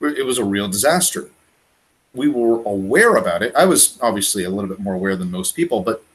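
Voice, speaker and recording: A man from Canada talking in a casual prepping chat, animated and emphatic, often repeating words. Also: on the low side, brisk, low-quality recording. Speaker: guest on a prepping livestream.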